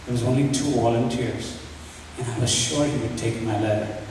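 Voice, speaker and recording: Man, devotional testimony, earnest storytelling, mellow tone, distant mic, roomy hall echo. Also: medium pitch, steady tone, normal speed. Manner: earnest storytelling, acting out remembered dialogue. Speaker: devotional speaker. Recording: echoey hall from far off, faint hiss.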